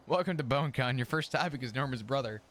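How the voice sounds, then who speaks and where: A man's voice: mid-range voice, lively intonation, a little fast, fairly bright tone, a little hiss or hum. A man streaming a roleplay game in character, chatting in a profane, ranting way and laughing often. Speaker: streamer role-playing his character.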